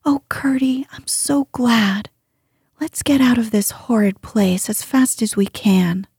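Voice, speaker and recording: An eager little princess girl, whispered by a woman reading a storybook, breathy and hushed in whispered role-play. She sounds earnest and insistent, her voice mellow and unhurried. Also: on the high side, dry recording, studio quality, exaggerated voice.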